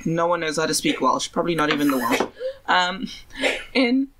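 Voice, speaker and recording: A woman's voice: low-pitched, lively intonation, normal speed, heavy background noise. Giggly rambling young woman. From South Africa. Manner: giggly, self-deprecating, rambling. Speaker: podcast co-host. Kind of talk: casual chat.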